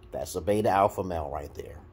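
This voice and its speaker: Brief: a low, husky man with a New York accent, ranting crudely and animatedly to camera. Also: fast talker. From Brooklyn, New York. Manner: blunt, crude, animated, swings between loud and muttered. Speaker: vlogger giving dating advice. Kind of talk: casual rant to camera.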